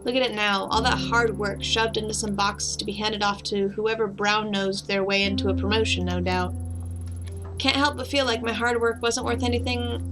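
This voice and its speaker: A woman's voice: mid-range voice, natural voice, low-quality recording. A woman reading the lines of a weary, bitter woman detective in a game, in a sardonic tone over background music.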